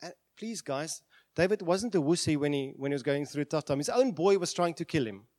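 A man's voice: on the high side, lively intonation, fairly quick, darkish tone, dry recording. A man preaching a sermon with passion, voicing prayers aloud. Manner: impassioned, acts out prayers aloud. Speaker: pastor.

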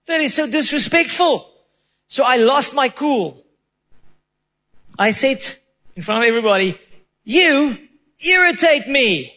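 A man's voice: high voice, fairly bright tone, muffled recording. A man preaching a sermon, telling a personal story in an earnest, self-deprecating way, with quoted asides. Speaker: pastor.

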